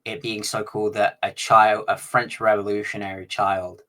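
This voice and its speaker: Male podcast co-host, lower pitch, hesitant casual delivery. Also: level tone, fairly bright tone. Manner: halting, full of fillers and restarts.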